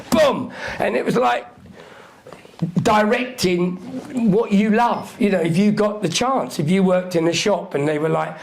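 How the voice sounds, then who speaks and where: There's slight background noise as a man in his sixties with a high, gravelly voice speaks a little slowly. He's a music figure guesting at a live Q&A, recounting stories in a profane, brash way and acting out quoted people.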